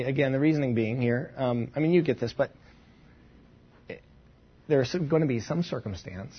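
A man with a slightly husky voice teaches from the Bible in a relaxed, conversational way. He thinks aloud and circles back with asides and restarts. The recording sounds dull and muffled. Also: mid-range voice. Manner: thoughtful, informal, with asides and restarts.

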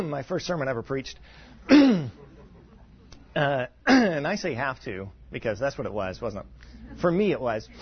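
Earnest husky-voiced pastor preaching. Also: male voice, medium pitch, lo-fi sound. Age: 40s. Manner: earnest, self-deprecating, halting with restarts and throat-clearing. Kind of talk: sermon.

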